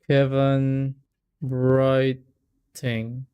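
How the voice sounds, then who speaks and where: A man chatting loosely while he plays a game on stream. His voice is warm and mellow at a middle pitch. He rambles, laughs and stumbles over words. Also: monotone, very slow, smooth, lo-fi sound. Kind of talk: casual let's-play chat.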